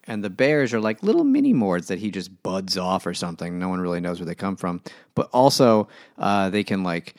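Low-voiced man rambling through a story. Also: big pitch swings, fairly quick, a little mellow, no room sound, studio quality. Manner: rambling, many "like"s, laughs often. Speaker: podcast co-host. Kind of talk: casual storytelling recap.

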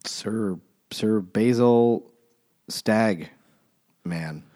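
A man with a low voice on a laid-back book podcast. He throws in short, deadpan jokes. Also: drawn-out words. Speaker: podcast co-host. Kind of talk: casual book chat.

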